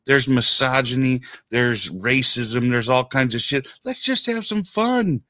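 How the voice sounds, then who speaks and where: Casual forties guy, bright tense voice, dry close sound, stammers and laughs a lot. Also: medium pitch, animated, measured pace, no room sound. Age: 40s. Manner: stammering, laughs often, emphatic. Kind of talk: casual chat.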